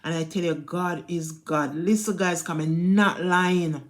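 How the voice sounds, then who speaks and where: Jamaican woman vlogger, lowish voice, emphatic casual storytelling that keeps calling out to viewers. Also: fairly even intonation, a little slow. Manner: emphatic, repetitive, keeps addressing viewers directly.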